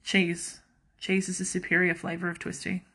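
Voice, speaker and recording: A young woman hosting a podcast, chatting casually and mocking herself, with quick asides and frequent laughs. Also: lowish voice, completely flat delivery, fairly bright tone. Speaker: podcast host. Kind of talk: casual chat.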